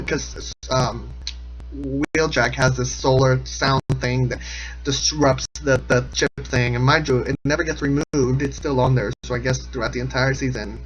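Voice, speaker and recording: A man's voice: mid-range voice, fairly bright tone, low-quality recording. A man giving a casual, rambling comedic recap of a cartoon episode, sarcastic and often laughing. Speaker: episode commentator.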